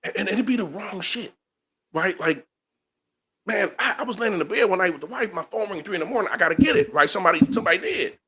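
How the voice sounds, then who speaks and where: A man's voice: high voice, animated, fast, pushed and bright, breathy edge. A man hosting a casual chat, laid-back, chiming in with short agreements and his own stories. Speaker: host.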